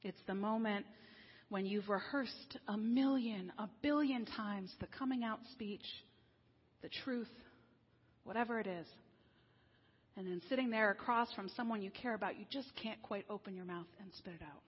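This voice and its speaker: A woman minister giving a sermon in a conversational, wry way, slowing down for serious points. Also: medium pitch, slightly rough. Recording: dull lo-fi sound with long hall reverb.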